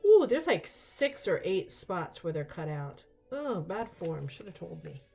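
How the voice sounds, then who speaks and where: Older woman host, lowish voice, excitable and chatty, soft music underneath. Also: a little slow, creaky, husky. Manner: chatty, excitable, rambling asides. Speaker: vlog host. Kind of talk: casual unboxing chat.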